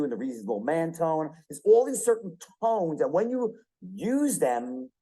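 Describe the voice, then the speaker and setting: Animated, emphatic man leading a sales seminar. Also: on the high side, moderate pace, hardly any pauses, low-quality recording. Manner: emphatic, repeats key phrases, quizzes the audience; profane, punchy delivery. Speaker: sales trainer. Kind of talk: motivational sales seminar talk.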